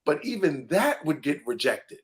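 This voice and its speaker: A man co-hosting a podcast in casual discussion, animated and emphatic, often breaking into laughter. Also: a little high, normal speed. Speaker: podcast co-host.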